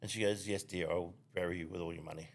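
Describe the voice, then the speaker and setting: A man's voice: low-pitched, steady tone, quick pace. An Australian man co-hosting a podcast, telling rambling crude jokes with plenty of swearing and laughter. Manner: rambling joke delivery with frequent laughter and swearing. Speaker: podcast co-host. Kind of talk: casual crude joke-telling chat.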